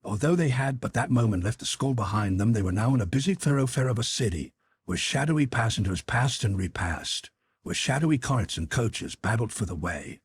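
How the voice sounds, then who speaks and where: A man narrating a classic novella as an audiobook with expressive storytelling. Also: mid-range voice, brisk, husky, no room sound. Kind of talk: scripted narration.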